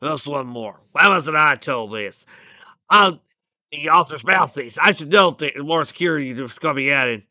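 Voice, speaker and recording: Reader voicing a gruff indignant guard, loud, bright tone, dry. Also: medium pitch, lively intonation, unhurried, dry recording. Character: stern male winged guard with a temper. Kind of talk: fan fiction read-aloud.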